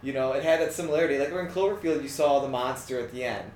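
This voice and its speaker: A young man rattles along quickly and crudely about movies, padding his talk with fillers. He sits a little away from the mic. The echoey room carries a faint hum of noise. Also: mid-range voice, darkish tone, recorded from a distance. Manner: fast, crude, joking, lots of fillers. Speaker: podcast co-host. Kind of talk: casual chat about movies.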